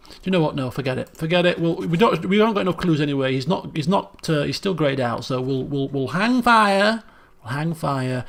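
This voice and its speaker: A man's voice: medium pitch, creaky. A man, thinking aloud as he streams a puzzle game, muttering guesses and restarting sentences. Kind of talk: casual gameplay commentary.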